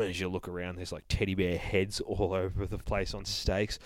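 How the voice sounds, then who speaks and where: A man's voice: deep voice, little pitch movement, normal speed, few pauses, no room sound. A man hosting a podcast, casually recapping a comic book in a profane, rambling, enthusiastic way. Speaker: podcast host reviewing a comic.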